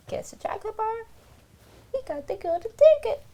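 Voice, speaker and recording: A woman co-hosting a podcast in casual chat, playful and quick to act out characters, with lots of "like". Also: extremely high pitch, huge pitch swings, dark tone. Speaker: podcast co-host.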